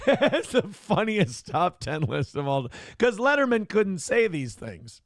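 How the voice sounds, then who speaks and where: A man with a fairly high, gravelly voice hosts a casual morning talk show. He reads out viewer comments in a crude, joking, mock-announcer manner. The sound is dry and close. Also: big pitch swings, unhurried, hardly any pauses, no room sound. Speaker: host of a live internet morning show. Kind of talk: casual comedic chat, reading viewer comments aloud.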